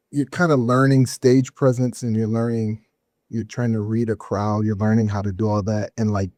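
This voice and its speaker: Mellow-voiced man, easygoing chat. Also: fairly low pitch, flat delivery, moderate pace, no echo, clean studio sound. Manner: easygoing, self-deprecating, trailing restarts. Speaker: guest emcee. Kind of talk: casual interview chat.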